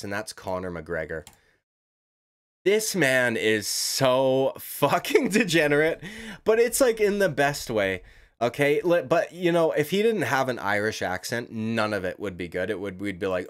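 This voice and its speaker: A man giving casual, profane, rambling commentary as a YouTube commentator, talking emphatically. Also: lowish voice.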